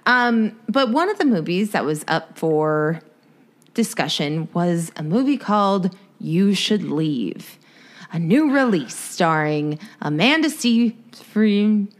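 A woman's voice: lowish voice, animated, takes it slowly. A woman co-hosting a podcast, playful and self-mocking in casual chat. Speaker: podcast co-host.

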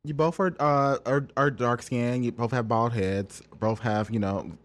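A man's voice: mid-range voice, steady tone, unhurried, a little hiss or hum. A man from Kansas City in casual chat, teasing and then defending himself. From Kansas City, Missouri.

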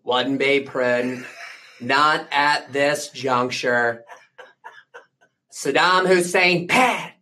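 A man doing an impression of an older politician, speaking in slow, clipped, halting phrases. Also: mid-range voice, bright, forceful tone. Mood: stiff. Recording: mic at a distance.

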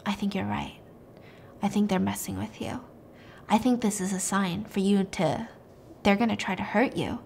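A woman's voice: mid-range voice, creaky, slight background noise. Woman doing a blunt, world-weary detective.

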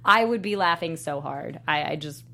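A woman on a podcast talks in an animated, chatty way, with a lot of "like" and "um". Her voice sits a little low, and she laughs as she talks. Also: normal speed, creaky. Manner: animated, filler-heavy, laughing while talking. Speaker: podcast co-host. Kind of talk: casual chat.

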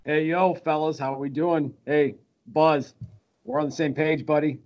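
A man's voice: on the high side, steady tone, a little slow, darkish tone. Brief: ranting profane male guest, lo-fi muffled call sound. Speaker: podcast guest. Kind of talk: casual sports podcast rant.

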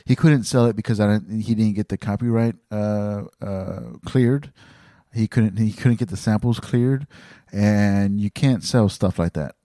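A man with a low, mellow voice talks loosely on his own podcast. He rambles, stops and restarts, and fills the gaps with ums and the odd swear word. The sound is dry and close, with no room around it. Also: unhurried, no room sound. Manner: rambling, many fillers and restarts, swears casually. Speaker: podcast host. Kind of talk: casual monologue.

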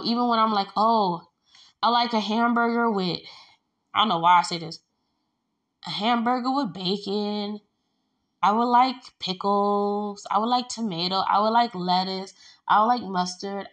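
Woman rambling through a story. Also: mid-range voice. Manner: rambling, animated, acts out quoted exchanges with filler words. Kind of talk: casual storytelling vlog.

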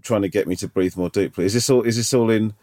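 Male co-host, lowish voice, deadpan and sarcastic, casual banter. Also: fast. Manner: dry, teasing, sarcastic. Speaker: podcast co-host. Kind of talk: casual comedic chat.

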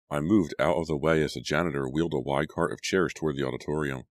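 A man reads an audiobook aloud in a steady storytelling voice. His voice is extremely low. The recording is dry and close, with no room sound. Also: quick pace, few pauses, no room sound. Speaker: audiobook narrator. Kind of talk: audiobook narration.

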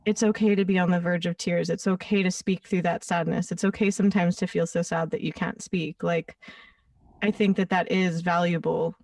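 A woman's voice: lowish voice, fairly even intonation, normal speed, darkish tone, no room sound, distant mic. Female interviewer, reflective and searching, recorded dry and a little off-mic. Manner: thoughtful, searching, many "like" fillers.

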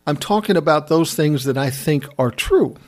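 Brief: middle-aged guy, wry storyteller, laughs a lot, lively pitch. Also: normal speed. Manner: wry, laughing, self-described smart aleck. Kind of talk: casual storytelling.

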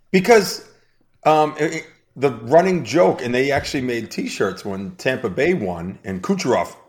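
A man's voice: medium pitch, sing-song, takes it slowly, long pauses. A man from Boston with a Boston accent, a podcast guest, ranting bluntly and emphatically with plenty of swearing. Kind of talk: casual podcast chat.

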